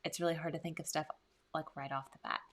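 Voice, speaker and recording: A young woman co-hosting a casual vlog chat, soft-spoken and hesitant, with frequent ums. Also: low voice, fairly even intonation, fast. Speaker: YouTube channel co-host.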